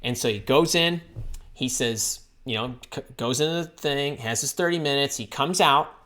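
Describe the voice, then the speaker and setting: Energetic woman recruiter hosting a live Q&A. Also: rumbling low, normal speed. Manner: energetic, chatty, greets viewers by name. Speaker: recruiter and career coach. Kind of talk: live-stream Q&A with viewers.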